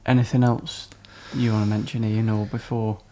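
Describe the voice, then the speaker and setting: A man's voice: lowish voice, little pitch movement, moderate pace, dark tone, a little hiss or hum. Man chiming in off-mic.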